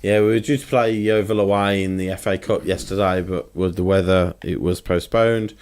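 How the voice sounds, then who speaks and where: A man co-hosting a casual football podcast, talking in an animated, exasperated way. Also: deep voice, normal speed, smooth. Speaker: podcast co-host.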